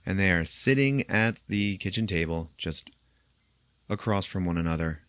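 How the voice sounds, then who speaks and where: The man's voice is low-pitched, clear, and resonant, a bit bright, with lively intonation and a slightly slow pace. As a podcast host, he gives a casual film recap, acting out the characters' lines and laughing often, all in a dry recording with clean studio sound.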